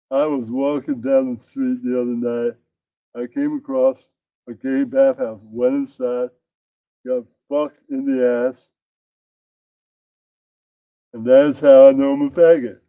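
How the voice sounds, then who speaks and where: An awkward, crude stand-up comic, as a man does him, with a lowered voice and deadpan delivery. The sound is dull and lo-fi in a dry space. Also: measured pace, pauses often, no echo, natural voice.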